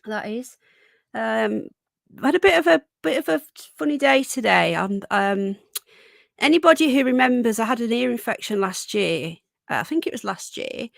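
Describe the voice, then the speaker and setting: A woman hosting a live stream whose voice is going croaky, chatting casually and rambling with fillers and restarts. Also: fairly high pitch, lively intonation, moderate pace, dry recording, studio quality.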